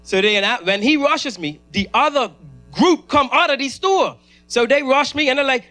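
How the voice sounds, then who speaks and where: A man from Bermuda with a Bermudian accent doing stand-up, telling a story on stage into a handheld mic and shouting other people's lines in high, loud voices. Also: animated, moderate pace, soft background music. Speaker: opening comedian. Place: comedy stage in a venue.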